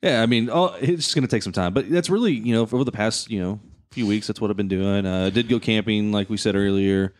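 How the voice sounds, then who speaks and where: A man chatting casually on a podcast, telling relaxed stories with lots of fillers. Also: fairly low pitch, fast, few pauses, no echo, studio quality. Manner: relaxed storytelling with many fillers.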